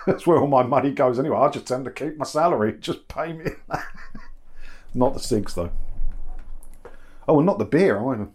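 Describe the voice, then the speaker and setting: A man's voice: mid-range voice, darkish tone. A middle-aged man chatting casually from his kitchen, answering viewer comments with self-mocking humour and frequent laughs. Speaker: YouTube channel host. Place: kitchen at home.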